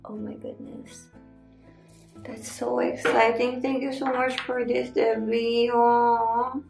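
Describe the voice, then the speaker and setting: A woman unboxing gifts on her vlog, gushing with excitement and thanking the sender over and over. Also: fairly high pitch, takes it slowly, gravelly. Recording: echoey room with faint music.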